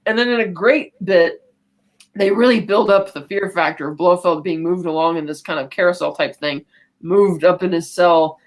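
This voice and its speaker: Podcast lady talking through a movie plot, chatty, tosses in character lines. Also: on the low side. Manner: chatty, quotes characters in quick asides. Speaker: podcast co-host. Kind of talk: casual film recap.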